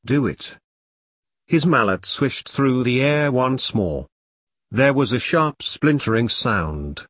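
A man reads a dark comic story aloud in a steady, even storytelling voice at a mid pitch. The sound is dry and close to the mic. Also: slow, no room sound. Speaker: narrator. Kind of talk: audiobook narration.

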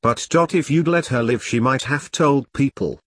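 A ditzy, tearful young hostess, as a male storyteller puts her on, whimpering in a slow, raised, husky voice. Recorded close and dry. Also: medium pitch, no room sound, natural voice.

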